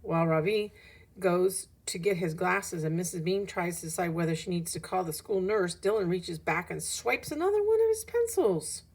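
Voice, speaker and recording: A woman reading a children's novel aloud in a lively, animated storytelling manner, rising with emphasis at dramatic moments. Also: lowish voice, gravelly, husky. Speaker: audiobook reader.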